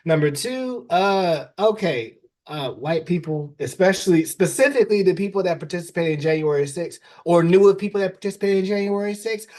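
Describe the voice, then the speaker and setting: A man co-hosting a podcast, animated and joking, often laughing as he talks. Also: high voice. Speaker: podcast co-host. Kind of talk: casual podcast chat.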